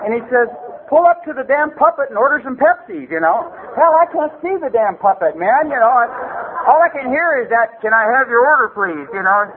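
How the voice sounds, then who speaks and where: Middle-aged LA man, high voice, loose rambling storyteller, thin phone-like sound. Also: animated, brisk. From Los Angeles area. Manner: loose rambling delivery full of "man" and "you know". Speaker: recovery meeting speaker. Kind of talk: comic personal storytelling. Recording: tinny phone-like recording with faint hiss.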